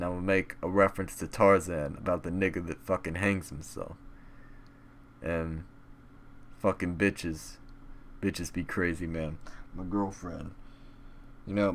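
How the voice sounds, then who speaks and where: Low-voiced young man ranting profanely. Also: a little hiss or hum. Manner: profane, rambling, with sudden loud outbursts. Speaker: comedic vlog host. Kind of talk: crude rambling comedic monologue.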